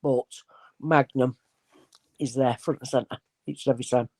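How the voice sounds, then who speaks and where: In a very deep voice at normal speed, with no room sound, a woman who is a spirit medium chats as a guest. Her storytelling is casual and lively, and she acts out voices in her anecdotes.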